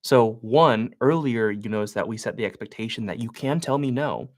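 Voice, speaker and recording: A man's voice: medium pitch, normal speed. A man who invests in real estate, coaching on a live stream while making cold calls, talking loosely with plenty of filler words. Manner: loose and conversational, many "like" fillers.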